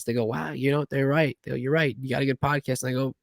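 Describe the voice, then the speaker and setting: An eager young man hosts a casual podcast, rambling through stories of what he told people. His voice sits at a middle pitch and sounds dry and close, with little room around it. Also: steady tone, rapid-fire, no echo. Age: young adult. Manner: eager, rambling, retells talks with "I go". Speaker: podcast host. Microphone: video call.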